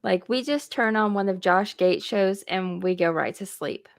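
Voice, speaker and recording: A woman's voice: medium pitch, moderate pace, creaky. A woman co-hosting a podcast in an easygoing, upbeat casual chat. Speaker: podcast co-host.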